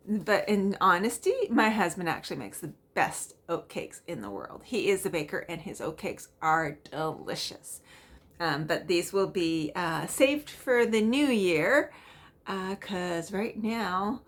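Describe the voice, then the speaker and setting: A woman's voice: medium pitch, fairly bright tone. A middle-aged woman chatting casually at home as a cross-stitch vlogger, rambling with frequent ums and small laughs. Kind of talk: casual chatty show-and-tell.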